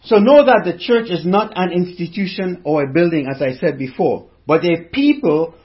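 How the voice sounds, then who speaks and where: High-voiced man preaching a sermon. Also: animated, moderate pace, muffled recording. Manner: preaching with rhetorical questions to the congregation. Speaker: pastor.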